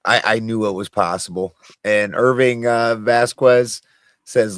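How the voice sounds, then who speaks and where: A man's voice: fairly low pitch, fairly even intonation, unhurried, clean tone, no echo. A man panelist on a live stream, amused and swearing in casual chat.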